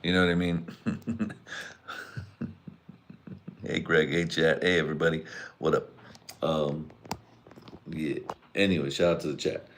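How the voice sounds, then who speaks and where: Deep-voiced tipsy man ranting live. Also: little pitch movement, measured pace, long pauses, fairly bright tone. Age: adult father and husband. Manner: rambling, profane, laughs often. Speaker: podcast host. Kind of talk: casual live-stream rant.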